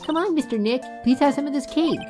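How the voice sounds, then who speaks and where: A woman's voice: high-pitched, fast, music in the background, pitched above the performer's own voice, close to an everyday voice. A woman voicing a timid, clingy young girl who stammers earnestly in a game dub. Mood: eager. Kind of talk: video game voice-over dub.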